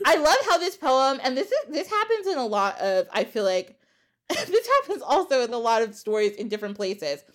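A woman with a somewhat high voice tells a story in a relaxed podcast chat. She retells it in an animated way and laughs often. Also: fairly quick. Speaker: podcast host.

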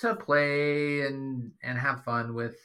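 A man's voice: mid-range voice, level tone, takes it slowly, sharp tone. A middle-aged father chatting casually on a family podcast, rambling and hesitant, with dry sarcasm. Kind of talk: casual chat.

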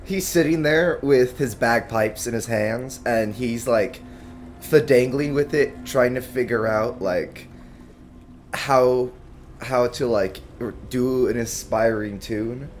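A man with a medium-pitched voice speaks slowly while playing a tabletop game, rambling through his character's description with plenty of likes and ums. Faint music plays in the background.

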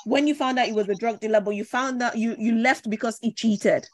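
A woman hosting a podcast interview, probing with questions, teasing her guest, and jumping in with quick reactions. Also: a little high, dry recording. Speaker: podcast host. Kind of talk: conversational interview.

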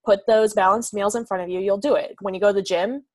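A woman's voice: mid-range voice, fairly even intonation, quick pace. A young woman co-hosting a podcast in casual chat, talking in an upbeat way with lots of filler words. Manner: chatty, lots of "like" and "literally", upbeat. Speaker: podcast co-host.

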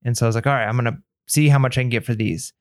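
A man chats casually on a podcast, telling a story with energy and slipping into the voices of the people in it. His voice sits at a middle pitch. The sound is dry and close, with no room echo. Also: very fast. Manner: animated anecdote telling, acts out quoted dialogue. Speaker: podcast co-host.

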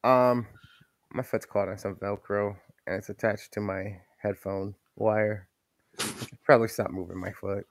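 A man co-hosting a podcast while sick, cracking deadpan jokes and reading out facts. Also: fairly low pitch, measured pace, no room sound, studio quality. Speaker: podcast co-host. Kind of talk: casual podcast chat.

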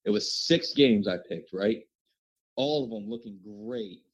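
A male podcast co-host talking in loose, joking banter. His pitch swings widely as he rants about his losses and teases the others. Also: unhurried, gravelly, poor audio. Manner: animated, ranting, joking.

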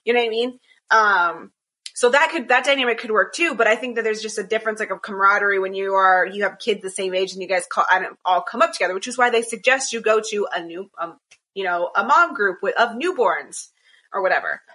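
A woman's voice: mid-range voice, fairly quick, bright, forceful tone. A woman co-hosting a casual chat over a call, rambling with many restarts. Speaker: podcast co-host. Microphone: video call.

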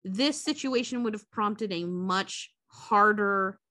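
A woman co-hosting a podcast, recapping a movie in a casual, profane, animated way. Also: medium pitch, slow pace, no room sound, studio quality. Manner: profane, animated retelling with quoted character voices. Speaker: podcast co-host.

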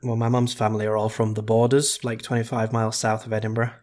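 A man co-hosting a podcast, chatting in a relaxed, joking way. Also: lowish voice, quick pace. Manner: relaxed, jokey, hesitant fillers. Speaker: podcast co-host. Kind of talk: casual chat.

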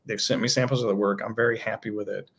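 A man's voice: on the low side, fairly even intonation, fast talker, vocal fry, husky. A man talking casually about his own toy project as a guest, thinking aloud with loose restarts. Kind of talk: casual interview chat.

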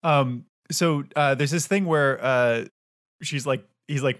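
A man from Ohio co-hosting a podcast, telling stories in a lively, animated way and laughing often. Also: medium pitch, slow pace. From Dayton, Ohio, USA. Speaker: podcast co-host. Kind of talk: casual chat.

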